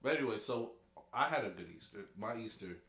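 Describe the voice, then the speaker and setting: A young man co-hosting a podcast, chatting casually, loose and quick to laugh, with plenty of swearing. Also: medium pitch, lively intonation, a bit bright, reverberant. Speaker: podcast co-host. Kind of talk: casual banter.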